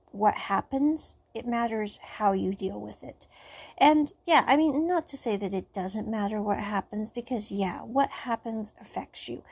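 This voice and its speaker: Husky-voiced woman rambling on a podcast. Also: high voice, darkish tone. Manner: rambling and reflective, many "you know" fillers. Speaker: podcast host. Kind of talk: solo rambling podcast monologue.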